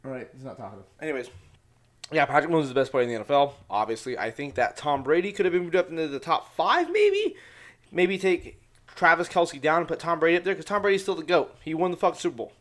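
A young man with a fairly high voice hosts his sports podcast in a loose, rambling way. He gets loud and excitable and swears all the time. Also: fast. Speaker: podcast host. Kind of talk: casual sports podcast chat.

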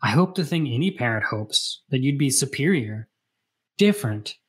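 A man voicing a calm, grieving mother, gently spoken, while reading a novel aloud. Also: medium pitch, normal speed, husky. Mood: gentle.

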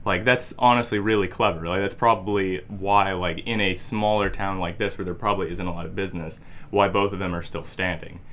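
A man's voice: low voice, steady tone, brisk, a bit bright. A man co-hosting a podcast, telling a long story casually with lots of "like" fillers. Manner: rambling, heavy use of "like". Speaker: podcast co-host.

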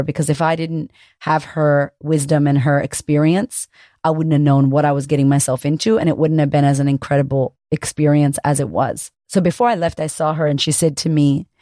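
A woman, a confidence coach hosting her own podcast, talking solo in a high-energy, chatty way and swearing casually. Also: steady tone, fairly quick, dark tone, no room sound, clean studio sound.

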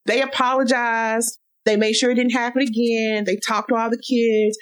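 A woman co-hosting a podcast, talking in an animated, outspoken way and laughing often. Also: fairly high pitch, moderate pace, low-quality recording. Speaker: podcast co-host. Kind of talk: casual podcast chat.

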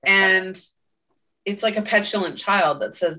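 A woman's voice: medium pitch, measured pace, sharp tone, far from the mic. A woman co-hosting a casual podcast, talking emphatically and often ending her points with "right?". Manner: emphatic, tags statements with "right?". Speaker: podcast co-host.

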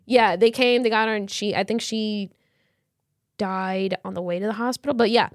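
A woman co-hosting a podcast tells a story in casual chat full of slang and fillers. Her mid-range voice has fairly even intonation and a moderate pace, recorded in clean studio sound with no room sound.

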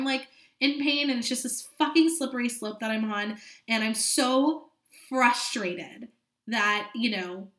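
Late-20s woman podcaster, kinda high bright voice, swears a lot while venting, echoey room. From California. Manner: frank, profane, venting with dramatic asides. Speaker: podcast host. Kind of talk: candid solo podcast monologue.

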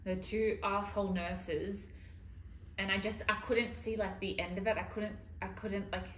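A woman's voice: medium pitch, flat delivery, measured pace, a bit bright, far from the mic. A woman speaking candidly and reflectively in casual podcast chat. She sits a little back from the mic in an echoey room, with faint noise underneath. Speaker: co-host.

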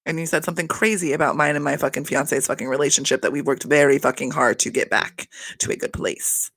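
A man's voice: on the high side, fairly even intonation, fast talker, vocal fry, fairly bright tone, no room sound. A man giving a casual, gossipy recap of a reality TV episode, swearing a lot, laughing often and acting out the cast's lines. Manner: acts out the cast's lines in exaggerated voices.

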